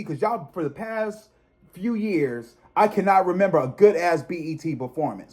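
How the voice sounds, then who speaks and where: A man in his thirties talks straight to his viewers in a casual vlog, his voice sitting a little high for a man. He chats easily and calls his audience y'all. When something bothers him, he slides into emphatic, swear-filled rants. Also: normal speed. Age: 30s. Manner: animated, emphatic ranting with frequent profanity; chatty, addresses viewers directly as y'all. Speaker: psychic tarot reader and channel host.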